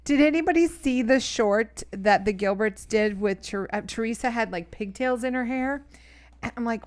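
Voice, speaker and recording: Animated middle-aged woman telling stories. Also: on the high side, moderate pace. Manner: animated storytelling, laughs often. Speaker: co-host of a live stream. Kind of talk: casual live-stream chat.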